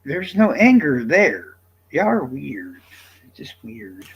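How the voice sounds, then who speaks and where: Brief: male streamer, gravelly rasp, blunt and exasperated, swears freely. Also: a little high, very animated, slow pace, poor audio. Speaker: live streamer. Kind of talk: casual live-stream chat.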